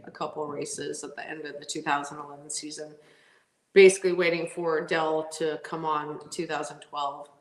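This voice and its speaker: A woman race car driver, a podcast guest, telling stories in a lively, laughing way with lots of "like" fillers. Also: sits low. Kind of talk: casual storytelling interview. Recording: roomy echo.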